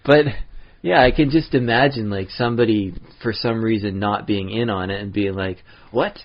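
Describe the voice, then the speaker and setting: A man's voice: on the low side, moderate pace, dull audio. A man co-hosting a podcast, chatting casually with lots of restarts and laughter. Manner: rambling, laughs often, many restarts. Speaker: podcast co-host. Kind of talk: casual chat.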